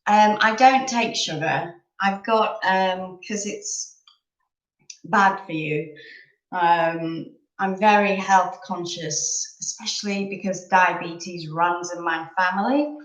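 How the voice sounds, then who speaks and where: A woman's voice: fairly low pitch, slow pace, reverberant, poor audio. A woman in her thirties from England, chatting casually and rambling a little as she hosts a live chat over coffee. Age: 30s.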